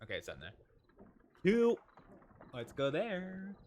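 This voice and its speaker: A man with a medium-pitched voice that swings hugely up and down talks slowly over a faint hiss or hum. He's casually livestreaming a role-play game into a desk mic at home, chatting and rambling, often restarting sentences or letting them trail off.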